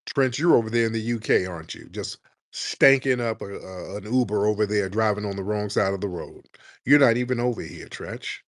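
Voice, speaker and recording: A man's voice: fairly low pitch, fairly quick, no room sound, clean studio sound. A man hosting a heated call-in show, arguing and mocking a caller with repeated insults. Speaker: host.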